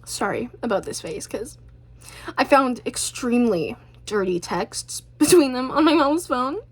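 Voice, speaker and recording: With a voice on the high side, lively intonation, and a slightly rough quality, a woman vlogger rambles at a measured pace. It's a chatty, self-deprecating casual monologue, and she stutters and starts over many times.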